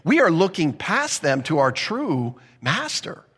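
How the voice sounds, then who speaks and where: A man preaching a sermon in an easy, conversational way. His voice sits somewhat high, and he lifts it further as he presses a point, with brief acted asides along the way. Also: big pitch swings, unhurried, fairly bright tone, slightly rough. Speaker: pastor.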